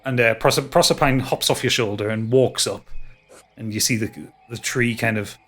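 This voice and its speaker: A man's voice: mid-range voice, steady tone, normal speed, a bit bright, faint music behind. A man narrating a tabletop game as game master, descriptive and full of restarts.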